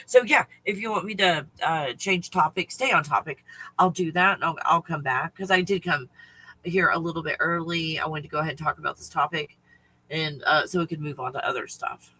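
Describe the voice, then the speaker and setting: A man's voice: fairly high pitch, fairly quick, pushed and bright, low-quality recording. A man hosting a casual spiritual livestream, talking in a rambling, profane way and often laughing. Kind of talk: casual chat to viewers.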